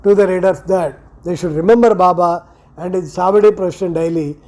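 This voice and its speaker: A man with an Indian English accent reading a devotional scripture aloud in a slow, measured, reverent way with pauses. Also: high voice, a little mellow. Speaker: scripture reader.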